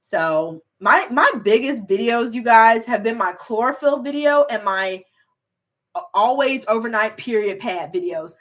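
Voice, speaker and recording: A woman's voice: on the high side, animated, measured pace, fairly bright tone. Bubbly chatty young woman YouTuber. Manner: chatty, bubbly, lots of filler words. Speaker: beauty and hair YouTuber. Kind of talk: casual livestream chat reading comments.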